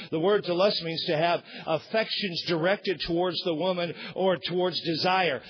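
A pastor preaching a sermon, emphatic, swinging between loud shouted points and low quiet asides. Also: male voice, muffled recording, a little hiss or hum.

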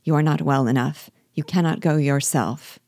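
A woman reading the lines of a concerned young gentleman from a classic novel, earnest and gentle, in a low, mellow voice. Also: normal speed, creaky, no echo, studio quality.

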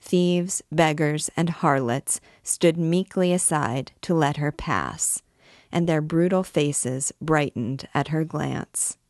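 A woman reading a classic novel aloud as a book guide, with a measured, expressive delivery. Her voice sits low and moves at an unhurried pace, and the recording is dry and close. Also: dry recording.

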